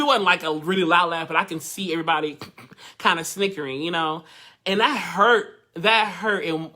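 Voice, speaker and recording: A young man, a voice teacher, telling a candid personal story in a live online workshop, with a light, high voice, laughing and restarting as he talks. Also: pushed and bright.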